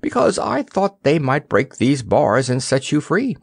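A man's voice: on the high side, very animated, unhurried, creaky, slightly rough, no echo, clean studio sound, pitched above the performer's own voice, exaggerated voice. A man voicing a kindly, protective female hippopotamus who talks sharply and earnestly in an audiobook.

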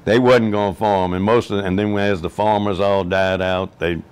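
A man talks plainly in an interview, with an occasional pause. His voice sits very low. It is smooth and resonant. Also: steady tone, a little mellow. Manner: plainspoken, halting. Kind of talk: casual conversation.

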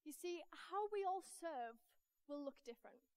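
A woman with a Northern English accent preaching a lively storytelling sermon in church, acting out the voices in her anecdotes. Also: very high-pitched, moderate pace, no echo. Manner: animated, acts out voices in anecdotes.

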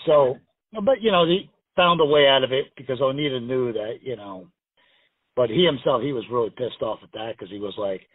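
Husky man swearing over a phone line. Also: medium pitch, brisk, no echo. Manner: profane, rambling, full of acted-out quotes. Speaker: guest pro wrestler. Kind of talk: casual storytelling interview. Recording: tinny phone line, dry.

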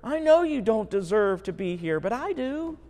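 A man's voice: high voice, very animated, normal speed, a little mellow, long reverb tail. A man voicing a repentant dying criminal who pleads earnestly. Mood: pleading.

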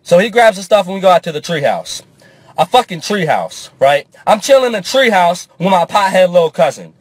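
Animated young male comic storyteller. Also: high-pitched, a little fast, no room sound. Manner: animated, profane, swings into character voices. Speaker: comedian.

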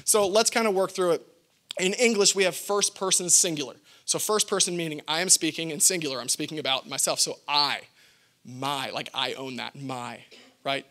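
Brief: high-pitched Texan-born male pastor, light and humorous in the pulpit. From Texas. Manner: playful, lively teaching with jokes. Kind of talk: sermon.

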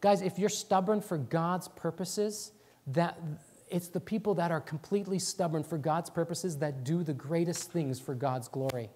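A male pastor preaching a sermon in church, talking quickly and excitedly and sometimes dropping words. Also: on the high side. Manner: talks fast and excitedly, drops words.

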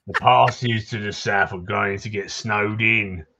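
A man voicing a gruff, swearing townsman from a game, his accent wandering as he reads. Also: fairly low pitch, fairly even intonation, unhurried, bright, forceful tone, muffled recording, slight background noise, heavily acted. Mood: grumbling. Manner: curses constantly, drifting between accents. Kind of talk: reading game dialogue aloud.

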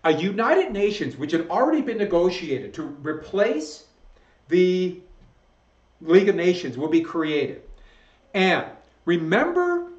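A man teaching history from slides, talking casually and correcting his own slips as he goes. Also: fairly high pitch. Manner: conversational, self-correcting, chuckles at own slips. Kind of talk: recorded slideshow lecture. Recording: echoey room, dull lo-fi sound.

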